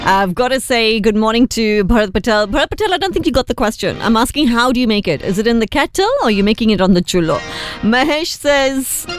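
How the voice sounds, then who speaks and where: A woman's voice: fairly high pitch, expressive, fast talker, few pauses, faint music behind. A woman hosting a breakfast radio show in a chatty, giggly way, dropping in Hindi phrases, on a studio microphone. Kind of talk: casual radio chat.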